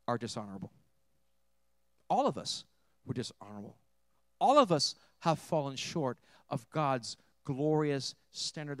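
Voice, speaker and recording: A man preaching a sermon as pastor, telling a story and swinging between hushed moments and emphatic ones. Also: on the high side, no room sound.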